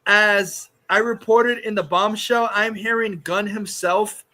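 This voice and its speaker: A man hosting a casual commentary stream, reading chat and ranting in a heated, profane way with many filler pauses. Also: high voice, steady tone, bright, forceful tone.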